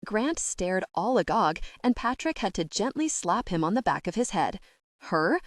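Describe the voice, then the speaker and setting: A woman's voice: mid-range voice, very animated, moderate pace, dry recording. A woman narrating an audiobook with a wry storytelling manner, close to the mic. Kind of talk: scripted narration.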